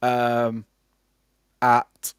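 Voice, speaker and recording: A man's voice: mid-range voice, completely flat delivery, very slow, clean tone, dry recording, clean studio sound. A young man from England with a Lancashire accent, hosting a live football watchalong, calling the play and chatting with viewers. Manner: chatty, reads out viewer comments between play-by-play. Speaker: fan channel host doing live match commentary. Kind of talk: casual live watchalong commentary.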